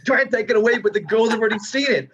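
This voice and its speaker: A man's voice: very high-pitched, racing, fairly bright tone, lo-fi sound, a little hiss or hum. A man performing live improv comedy, talking in a frantic, panicky rush.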